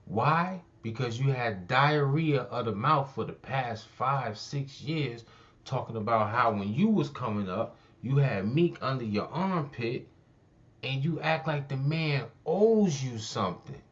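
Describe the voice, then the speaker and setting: A man's voice: medium pitch, lively intonation, measured pace, a bit bright, lo-fi sound. A man hosting a commentary channel, talking bluntly and heatedly about a local rap feud. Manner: blunt, heated street talk. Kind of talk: casual commentary.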